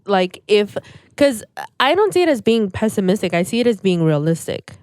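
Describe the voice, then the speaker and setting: A woman's voice: mid-range voice, sing-song, moderate pace, a little mellow, clear, resonant tone, dry recording. A woman in the middle of her range, co-hosting a casual podcast. She speaks candidly and pokes fun at herself. The sound is dry and close to the mic. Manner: candid, self-deprecating. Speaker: podcast co-host. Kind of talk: casual chat.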